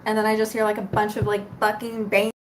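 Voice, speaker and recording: A woman's voice: medium pitch, completely flat delivery, fast talker, a little hiss or hum. A young woman vlogger ranting casually to camera, exasperated, swearing and rambling.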